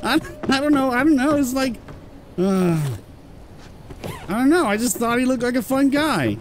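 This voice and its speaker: A British man giving excitable let's-play commentary and swearing when surprised. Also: extremely high pitch, normal speed, a little hiss or hum. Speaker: gameplay commentator.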